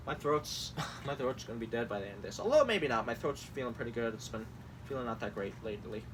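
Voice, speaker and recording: A man's voice: medium pitch, expressive, quick pace, a bit bright, far from the mic. A young man reading campaign messages aloud and reacting with sarcastic, exasperated commentary, swearing and laughing often. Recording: mic set back, faint room noise.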